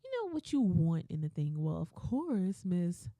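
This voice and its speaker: A woman's voice: on the low side, big pitch swings, a little slow, warm tone, no echo. A young adult woman hosting a solo podcast, ranting bluntly and swearing, often mimicking other people's voices. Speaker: podcast host.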